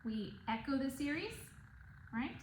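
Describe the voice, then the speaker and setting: A woman teaches a one-on-one reading lesson, her voice sitting a little high. She is patient and checks in with the student at every step. The room is echoey, with noise in the background. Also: animated, a little slow. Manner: patient, checks in with "okay?" and "right?".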